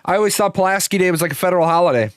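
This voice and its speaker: A man's voice: high voice, rapid-fire, no room sound, studio quality. A man hosting a livestream, telling a rambling, profane story with many restarts. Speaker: host. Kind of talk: casual livestream chat.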